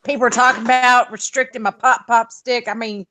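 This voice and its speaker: A woman's voice: a little high, fairly even intonation, fairly quick, noisy background. A woman from Texas with a Texan accent, chatting brashly and playfully as a guest on a livestream. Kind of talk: casual chat.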